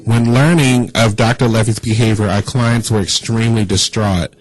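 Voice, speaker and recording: A man's voice: on the low side, fairly even intonation, moderate pace, dry recording, poor audio. A man hosting a casual internet radio show, reading news items and joking with a caller. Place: radio studio.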